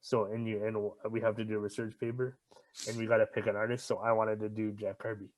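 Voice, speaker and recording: A man's voice: fairly low pitch, little pitch movement, fast talker, low-quality recording. A young man co-hosting a podcast in casual chat, stammering and repeating words and swearing often. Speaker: podcast co-host.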